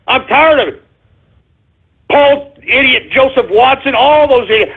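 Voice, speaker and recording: A combative male talk radio host delivers a profane, sarcastic political rant. His voice sits high for a man. The audio is narrow and phone-like, as if it came down a telephone line. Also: measured pace, breathy edge.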